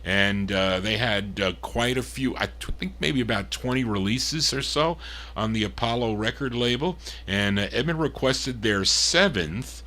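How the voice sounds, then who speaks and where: A man hosting a record show, introducing songs and reading out listener requests in a chatty, relaxed way with the odd chuckle. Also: on the low side, a little slow. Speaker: radio-style record show host. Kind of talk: casual disc jockey patter.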